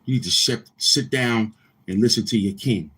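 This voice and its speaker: A man's voice: lowish voice, moderate pace, fairly bright tone, breathy edge. A man hosting a livestream, chatting casually with viewers in a boastful, crude, repetitive manner. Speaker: livestream host.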